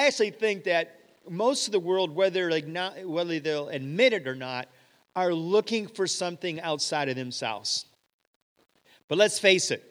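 A middle-aged man preaching a sermon, telling a story with rhetorical questions and animated quoting. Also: sits high. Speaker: pastor. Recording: long hall reverb.

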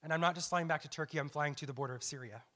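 His voice is fairly high and fairly bright, and he delivers it rapid-fire. As a young missionary giving personal testimony, he repeats his self-talk aloud and restarts many times.

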